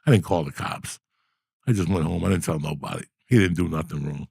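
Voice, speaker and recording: A middle-aged man tells his stories with a rough, gravelly rasp in a lowish register. He gets animated and profane as he talks. The sound is close and dry, with no room around it. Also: fairly quick, no echo. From New Jersey. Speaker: podcast host. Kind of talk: storytelling in casual chat.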